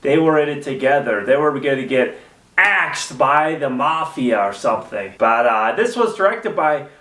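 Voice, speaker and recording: A man's voice: medium pitch, moderate pace, roomy sound, distant mic. A man co-hosting a casual movie review podcast, playful and loose, swearing freely. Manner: playful, swears a lot, jumps into excited yelps. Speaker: podcast co-host. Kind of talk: casual movie review chat with comic skits.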